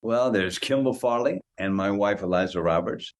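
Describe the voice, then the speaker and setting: A man in his sixties, a guest on an interview podcast, telling anecdotes in a lively way and often repeating words as he goes. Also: on the low side, normal speed. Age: 60s. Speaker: guest actor. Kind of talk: casual interview storytelling.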